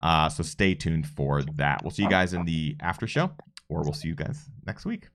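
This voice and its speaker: Low-voiced upbeat male podcast host. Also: expressive, gravelly, fairly bright tone. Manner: upbeat, chatty, listing sponsors in quick succession. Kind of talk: live show sign-off and promotion.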